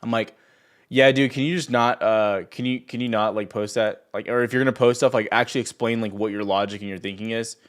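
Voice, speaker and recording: A man's voice: on the low side, fairly even intonation, brisk. A young man hosting a trading livestream, talking casually and ranting at viewers in chat with sarcasm and profanity. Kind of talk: casual live stream chat.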